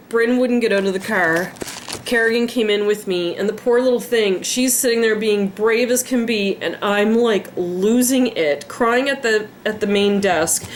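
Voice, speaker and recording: A woman in her thirties talking in a casual personal vlog, emotional and drained, rambling with sighs and halting starts. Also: mid-range voice, slight background noise. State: tearful, drained. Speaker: pet vlogger.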